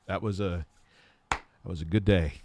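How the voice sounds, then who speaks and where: A man's voice: deep voice, fairly even intonation, normal speed, background noise. A man in his thirties hosting a livestream, answering chat questions in candid, rambling, self-deprecating stories.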